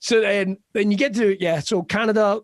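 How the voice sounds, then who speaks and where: Animated Scottish man telling stories. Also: high voice, normal speed, no echo. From West Scotland. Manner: animated storyteller who slips into character voices and laughs often. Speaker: comedian guest. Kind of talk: casual podcast chat.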